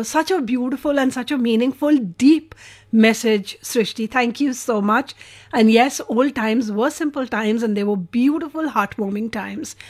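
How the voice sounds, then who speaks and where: A woman hosts a radio music show in a high, bright voice. She gushes sentimentally over listener messages and sounds openly moved by them. The chat flows in an effusive, heartfelt way. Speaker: radio host.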